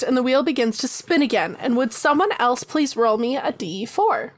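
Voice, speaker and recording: A woman's voice: sits high, moderate pace, hardly any pauses, fairly bright tone. A woman narrating as game master of a tabletop game over a voice call, chatty and bubbly with many ums.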